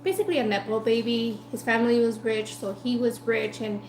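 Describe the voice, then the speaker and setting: A woman food vlogger telling a story in a chatty, animated way while eating, full of "like" and asides. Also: fairly high pitch, a little fast, echoey room, a little hiss or hum, poor audio.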